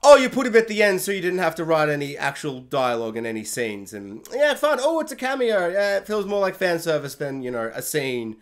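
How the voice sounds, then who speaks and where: A young man reviewing a series in a casual, jokey rant, acting out quotes in high, excited voices. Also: a little fast, few pauses.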